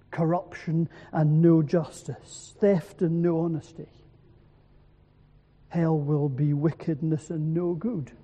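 A man preaching an evening sermon in a church, slow and solemn, using emphatic repetition. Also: fairly high pitch, warm tone, long reverb tail, lo-fi sound.

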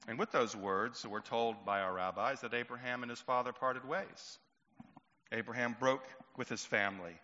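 A middle-aged male preacher giving an earnest sermon, storytelling and slowing down for emphasis. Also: medium pitch, steady tone, bright, forceful tone. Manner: earnest, slow and emphatic at key points. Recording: echoey hall, dull lo-fi sound.

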